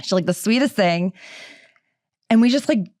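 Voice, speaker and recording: A woman's voice: mid-range voice, animated, normal speed, darkish tone, dry recording. Middle-aged woman, podcast host, chatty and casual, lots of fillers, dry close sound. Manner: chatty, filler-heavy with frequent "like".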